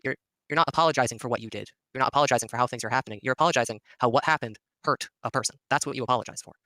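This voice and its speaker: Man, firm voice-chat participant; fast, bright, lecturing tone. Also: medium pitch, dry recording. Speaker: participant in group call. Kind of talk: voice-chat discussion.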